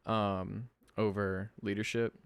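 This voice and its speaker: Tired young man chatting casually, low voice. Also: flat delivery, slow pace, vocal fry, clean tone, no echo. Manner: laid-back, slangy, lots of ums and "dude". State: tired from no sleep. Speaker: podcast host. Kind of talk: casual solo podcast chat.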